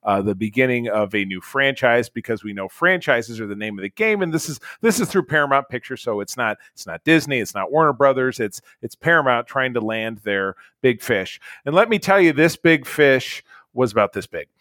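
A man's voice: medium pitch, lively intonation, brisk, few pauses, a bit bright, dry recording. A man co-hosting a casual chat, reviewing a movie in a blunt, rambling way with lots of fillers and restarts. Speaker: podcast co-host, movie reviewer.

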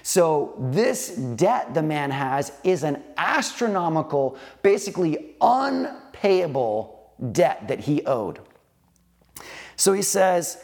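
A man's voice: a little high, takes it slowly, creaky. A man preaching a sermon, retelling a parable with casual asides to the congregation. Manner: conversational, animated storytelling, rhetorical asides. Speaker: pastor.

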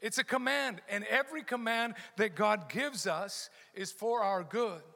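A high, bright-toned middle-aged man preaches to his congregation, hammering home key phrases by repeating them. His voice rings through a large hall with a long reverb tail. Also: a little slow, gravelly. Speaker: pastor. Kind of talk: sermon.

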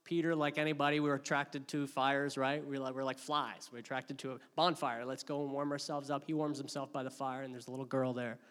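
A man preaching a sermon, telling a story with dramatic swings between loud outbursts and hushed asides. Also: medium pitch, little pitch movement, fairly quick, few pauses, big-room sound. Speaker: pastor.

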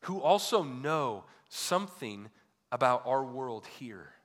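A male pastor delivering a sermon, asking repeated rhetorical questions and swinging between loud emphatic peaks and quiet low drops. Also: very animated, slow pace. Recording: long hall reverb.

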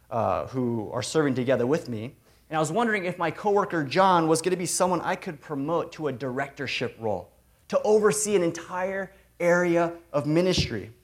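A preacher giving a sermon to a large room of people, talking emphatically, repeating key phrases and swinging between loud and soft. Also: medium pitch. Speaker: preacher, regional ministry director. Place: large room with a big audience.

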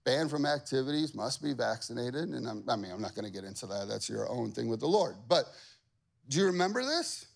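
A man preaching a sermon, reading scripture aloud with acted-out voices, jumping from loud emphatic lines to quiet asides. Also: mid-range voice, very animated, a little fast, creaky. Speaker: pastor.

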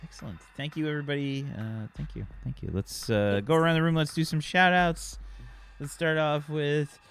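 A man's voice: on the high side, normal speed, a bit bright, smooth. A man hosting as game master, wrapping up the stream loosely with laughs and fillers. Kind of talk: casual wrap-up of a stream.

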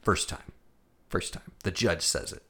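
A man co-hosting a podcast, chatting casually about an old action movie, animated and profane, acting out lines from the film. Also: measured pace. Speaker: podcast co-host. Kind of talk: casual movie review chat.

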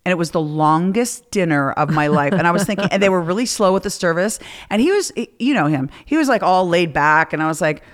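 A middle-aged woman hosting a podcast, telling stories in casual chat with lots of swearing and an animated delivery. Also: fairly low pitch, a little fast, few pauses. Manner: profane, animated storyteller. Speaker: podcast host.

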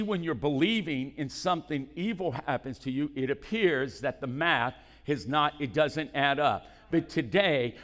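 A male pastor preaching a sermon, moving between calm scripture reading and loud, shouted exhortation in a church. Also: on the high side, in a large hall. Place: church hall.

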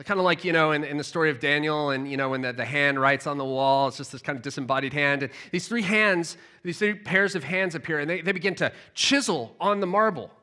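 A man preaching a sermon, telling a story with animated storytelling and frequent word repeats. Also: a little high, brisk, hardly any pauses. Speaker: pastor.

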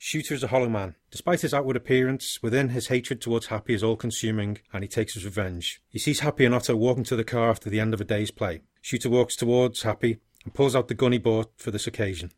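Podcast co-host, man, steady narrator, dry booth sound. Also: mid-range voice, fast talker, hardly any pauses, dry recording. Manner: steady storytelling, dry laughs, short agreeing replies. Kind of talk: casual chat, narrating a made-up story ending.

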